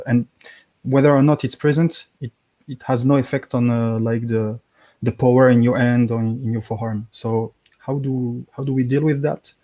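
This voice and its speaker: A man's voice: medium pitch, mellow. Hesitant French-accented man calling in. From France. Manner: hesitant, many ums and uhs, searching for English words. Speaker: caller. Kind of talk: caller asking a question.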